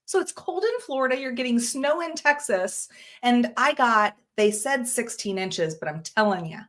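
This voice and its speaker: A woman with a somewhat high voice hosts a live craft stream in an upbeat, chatty way. She reads viewer comments aloud and greets each one by name in a casual tone. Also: expressive, normal speed, fairly bright tone. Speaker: host of a live jewelry-making stream. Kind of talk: casual livestream chat with viewers.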